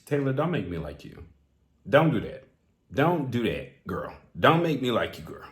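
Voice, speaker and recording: A man hosting a music reaction, talking straight to the singer in a theatrical, animated way. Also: medium pitch, moderate pace, echoey room. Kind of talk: casual song reaction commentary.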